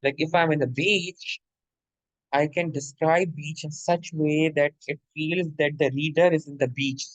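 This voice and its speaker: A man's voice: fairly high pitch, no room sound, rough recording. Man lecturing in a dry close voice. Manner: repeats points, frequent "okay?" check-ins; addresses listener as "my dear". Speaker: literature teacher. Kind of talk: explanatory lecture.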